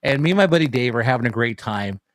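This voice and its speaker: Animated man telling a story. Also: mid-range voice, fast, no echo, studio quality. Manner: animated storyteller, swears freely. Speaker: podcast co-host. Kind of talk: casual sports talk storytelling.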